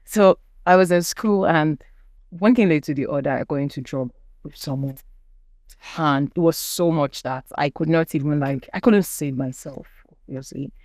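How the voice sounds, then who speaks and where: A woman's voice: sits low, moderate pace, darkish tone, dry recording. A young adult woman with a Nigerian accent, a podcast guest giving earnest personal testimony and acting out the people she quotes.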